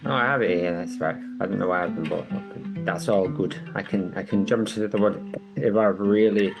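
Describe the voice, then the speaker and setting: Man, podcast co-host, low voice, muttering casual chat, faint music. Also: a little fast. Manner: muttering, self-correcting.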